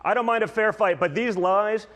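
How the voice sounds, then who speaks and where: A man rants about politics with indignation and fires off accusations in quick succession. His voice sits a little high for a man. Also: a bit bright. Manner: indignant, rapid-fire accusations.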